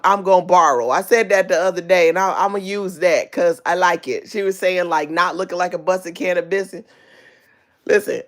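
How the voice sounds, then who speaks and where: A woman hosting a casual gossip livestream from home, lying down, chatty and full of drawn-out ums. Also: medium pitch. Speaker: livestream host.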